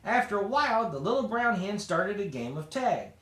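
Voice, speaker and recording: Lively, high-voiced man reading a storybook. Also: normal speed. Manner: expressive, animated. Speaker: storybook reader. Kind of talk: children's story read-aloud. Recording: roomy echo.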